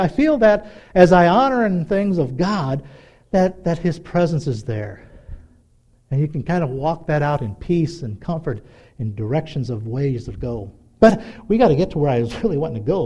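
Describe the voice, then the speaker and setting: A middle-aged man preaching a sermon in a conversational, animated way, acting out little dialogues. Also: on the high side, dull audio. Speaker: pastor.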